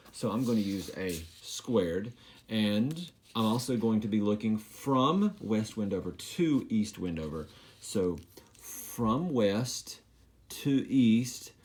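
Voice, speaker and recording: Low-voiced man teaching math. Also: darkish tone. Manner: self-deprecating, joking asides while writing. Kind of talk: recorded math lesson.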